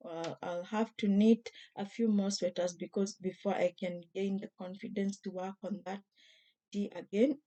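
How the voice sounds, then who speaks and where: A woman with a hoarse, mellow tone talks her viewers through a craft project. She speaks gently and chattily, pausing often and restarting her sentences. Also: medium pitch, steady tone. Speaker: crochet vlogger. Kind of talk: casual craft tutorial.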